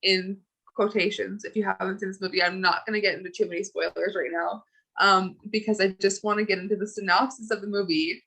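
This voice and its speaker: A woman's voice: medium pitch, fairly even intonation, a little fast, gravelly, sharp tone, husky, poor audio. A woman co-hosting a podcast, chatting casually about movies with lots of fillers and giggles. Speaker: podcast co-host. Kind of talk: casual chat.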